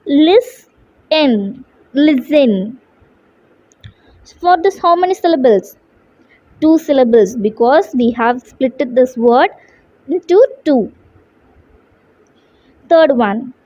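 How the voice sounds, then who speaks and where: A woman with an Indian English accent teaching a classroom English lesson, spelling words out letter by letter in a slow, deliberate way. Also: high-pitched, warm tone, no echo. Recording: dull lo-fi sound.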